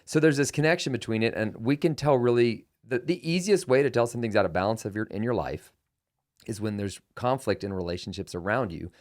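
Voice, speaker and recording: Here a middle-aged podcast host recounts something that happened to him, performing the lines of dialogue with animation. He speaks a little fast in a lowish voice, keeping it conversational.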